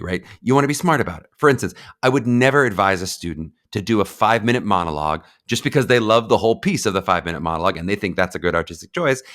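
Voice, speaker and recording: A man with a fairly low voice hosts a solo podcast segment. He talks in a loose, conversational way, thinking aloud with small restarts. He keeps checking in with his listeners with a quick "right?". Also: a bit bright. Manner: conversational, tags ideas with "right?". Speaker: podcast host.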